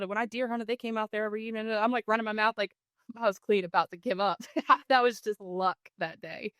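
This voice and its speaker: Lady telling hunt stories on a podcast, smooth clear voice, dry close sound. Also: fairly high pitch, steady tone, quick pace, a bit bright, no echo. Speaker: podcast guest, hunter. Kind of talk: casual storytelling interview.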